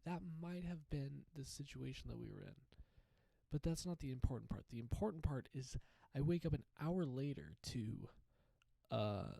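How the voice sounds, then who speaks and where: A young man spins a rambling, profane story on his own comedy podcast, stumbling and restarting as he goes. His voice is gravelly and mellow, and the sound is dry and close with no room around it. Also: medium pitch, no echo, rough recording. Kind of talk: casual storytelling monologue.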